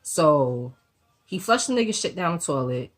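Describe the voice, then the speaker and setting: A husky-voiced woman, her low tone still marked by a lingering cold, tells viewers a story in a relaxed vlog with faint music playing behind her. She's fast and loose, heavy on slang and profanity, with lively asides driving the story forward.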